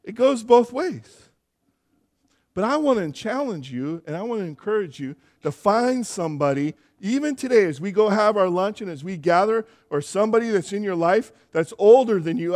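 A man's voice: high-pitched, lively intonation, fairly quick, hardly any pauses, a little mellow. A younger man preaching a sermon as pastor in a church, earnest and building to emphatic exhortation.

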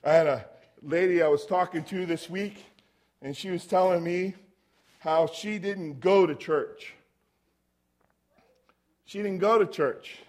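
A man with a notably high voice preaching in a relaxed, conversational way. He tells stories and keeps turning to the congregation with rhetorical questions. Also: slow pace, pauses often. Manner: storytelling, asks the audience rhetorical questions. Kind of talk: conversational sermon.

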